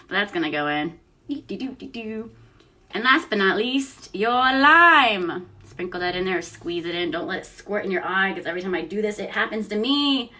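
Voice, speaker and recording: A woman's voice: medium pitch, bright, forceful tone. A young woman chats casually and giggles while mixing a cocktail at home for her vlog. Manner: chatty and giggly, often trailing off with fillers. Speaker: host of a news and cocktail vlog.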